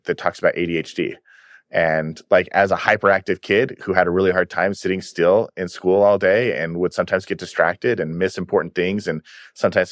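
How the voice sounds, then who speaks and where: A man's voice: low voice, no room sound, clean studio sound. A man guest on a podcast, chatting casually and retelling cartoon episodes with eager, filler-laden enthusiasm.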